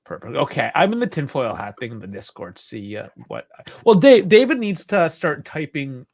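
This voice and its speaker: A man's voice: medium pitch, very animated, normal speed, gravelly. A man co-hosting a casual football podcast, joking and swearing in loose banter. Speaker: podcast co-host.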